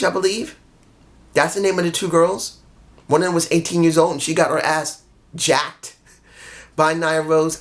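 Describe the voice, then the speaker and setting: A tired vlogger recapping a wrestling show to camera, blunt and emphatic, swearing freely. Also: mid-range voice.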